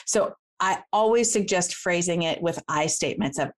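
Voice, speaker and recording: A woman guest coach talking casually in an interview, chatty, laughing often and acting out quick quoted examples. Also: lowish voice. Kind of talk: casual explanatory interview talk.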